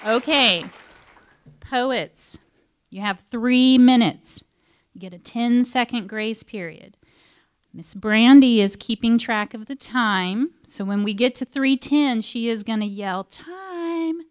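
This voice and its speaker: A woman's voice: on the high side, slow pace, clean tone. A woman emceeing a school poetry slam, teary and emotional, making rambling announcements with restarts. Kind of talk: emceeing a live event. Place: school library event.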